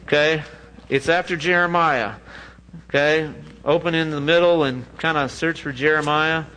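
A man preaching a sermon in a lively, joking way, often laughing at his own asides. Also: on the high side, moderate pace, slight background noise, rough recording. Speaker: pastor.

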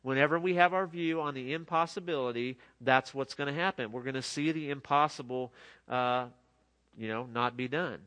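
A man's voice: mid-range voice, normal speed, sharp tone. A middle-aged man preaching a sermon in an earnest, conversational way, often restarting his sentences. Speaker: pastor.

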